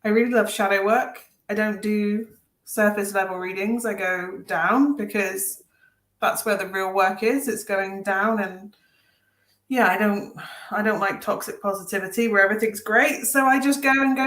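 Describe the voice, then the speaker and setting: A woman's voice: medium pitch, steady tone, moderate pace, a bit bright. Frank-talking woman in an echoey room. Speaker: tarot reader. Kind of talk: casual self-introduction.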